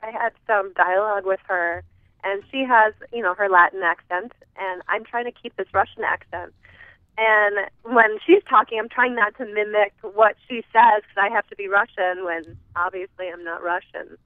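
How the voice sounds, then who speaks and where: A woman's voice: mid-range voice, moderate pace, dry recording. A woman from the American Midwest chats as a guest over the phone, giggling and trailing off with fillers. Her voice comes through a dry, tinny phone line. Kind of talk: casual interview chat.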